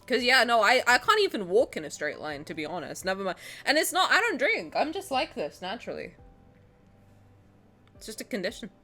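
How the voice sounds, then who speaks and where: A woman streamer with a bright, high-ish voice that leaps all over her range as she talks to her chat. She coos at game characters, swears freely and shrieks at viewers in mock protest, with faint game music playing behind her. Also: very animated, a little fast. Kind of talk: live-stream gacha reactions, chatting with chat.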